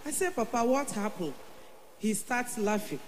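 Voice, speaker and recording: A Nigerian woman giving an emotional church testimony, growing fervent and loud as she declares her prayers. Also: a little high, lively intonation, normal speed. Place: large church hall. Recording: echoey church hall, faint hum.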